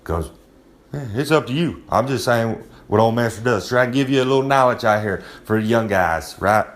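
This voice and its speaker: A man's voice: mid-range voice, lively intonation, normal speed. Swaggering man spitting loose advice. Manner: swaggering, loose, repeats "I'm just saying", streetwise slang. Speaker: recurring advice segment presenter. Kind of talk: casual monologue of wrestling tips.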